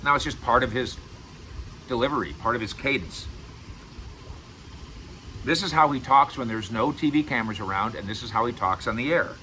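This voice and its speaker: A man's voice: medium pitch, moderate pace, pauses often, bright, forceful tone, slight background noise, rough recording. A middle-aged man giving casual sports commentary to camera as host, emphatic and repeating words for stress. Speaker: sports radio and video host.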